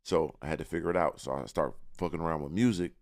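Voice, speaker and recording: A man's voice: extremely low pitch, fast talker, creaky, darkish tone. A young man, a rapper guest on a podcast, talking about himself with boastful confidence and street slang. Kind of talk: casual interview talk.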